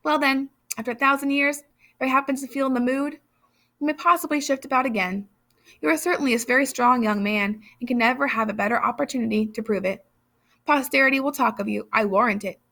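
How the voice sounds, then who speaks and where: A woman's voice: high voice, fairly quick, gravelly, bright, forceful tone, voice pushed up, exaggerated voice. A woman reading aloud, voicing a selfish, cheerfully sly male giant in an airy, teasing way.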